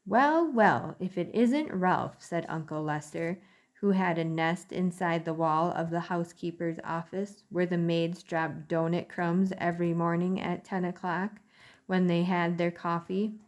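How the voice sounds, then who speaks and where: A woman's voice: fairly low pitch, level tone, a little slow. A woman teacher reading a chapter aloud to her class, with friendly asides.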